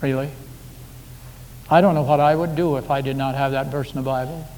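A man's voice: mid-range voice, steady tone, a little fast, a little mellow. Folksy preacher man in an echoey hall. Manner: folksy, conversational preaching with anecdotes. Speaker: pastor. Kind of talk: sermon. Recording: echoey hall with faint background hiss.

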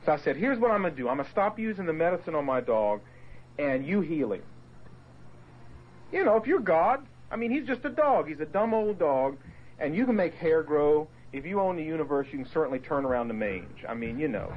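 A man with a fairly high voice tells his testimony to a group, swinging his pitch widely as he acts out quotes and asides. The recording is muffled and lo-fi, with a faint hiss underneath. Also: sing-song, brisk, breathy edge. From Portsmouth, Virginia area. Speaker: speaker giving his testimony. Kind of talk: animated personal testimony to a group.

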